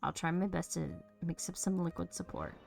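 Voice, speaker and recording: A woman with a fairly low voice and some vocal fry streams a narrative game at a normal pace, with soft music in the background. She reads every character's lines herself, hopping between voices in a lively, playful way.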